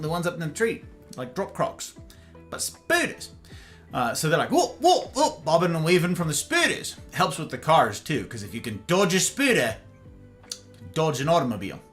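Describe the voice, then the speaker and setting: A man's voice: high-pitched, pushed and bright. A man streaming live, reading out his chat and joking with viewers in a rambling, casual way. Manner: rambling, jokey banter with viewers.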